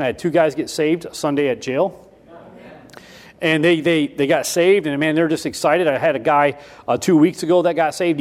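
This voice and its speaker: Guy preaching in a church, kinda high voice, folksy, keeps restarting lines, loud then quiet. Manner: folksy, repeats himself with restarts; swings between loud emphasis and quiet asides. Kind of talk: sermon.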